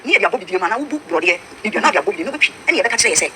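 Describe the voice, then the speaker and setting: A woman's voice: medium pitch, expressive, very fast, bright, forceful tone, a little hiss or hum. A Ghanaian woman pastor with a Ghanaian accent, preaching emphatically and mixing English with Twi. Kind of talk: preaching talk-show discussion.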